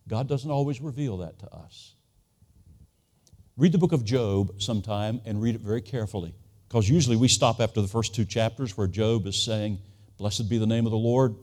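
A man's voice: mid-range voice, a little mellow. A man in his sixties preaching a sermon, telling a family story earnestly and acting out the voices he quotes.

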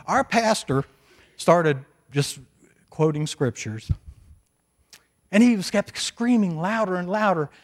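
A man's voice: sits high, animated, unhurried, pauses often. An older man preaching, telling a personal story in a folksy, chatty way with asides, into a microphone. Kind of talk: sermon storytelling. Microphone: stage microphone.

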